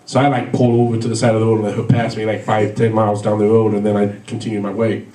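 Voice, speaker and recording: Man, stand-up comic, rambling anecdotes, dark mellow tone, echoey room. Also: fairly low pitch, level tone, quick pace, distant mic. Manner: rambling, filler-heavy storytelling with frequent laughs. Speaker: stand-up comedian. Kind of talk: stand-up comedy set.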